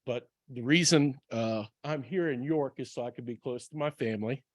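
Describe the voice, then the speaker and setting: In a dry recording, a forties-aged man who manages a baseball team speaks at normal speed with a medium-pitched voice. His personal talk to a club audience is earnest and plain-spoken, dotted with lots of ums.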